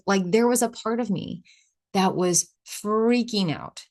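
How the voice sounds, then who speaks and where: A podcast host with a slightly mellow, mid-range voice talks alone at a measured pace. She's casual and reflective, frequently says "like," and gives voice to the inner thoughts she quotes.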